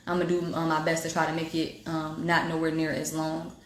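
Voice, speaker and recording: A woman's voice: deep voice, monotone, brisk, roomy sound, slight background noise. Woman preaching self-healing on a livestream. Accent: African American Vernacular English. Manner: direct, preachy and emphatic, talks straight to viewers. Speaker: livestream host giving spiritual motivation. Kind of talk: casual livestream talk. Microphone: phone livestream.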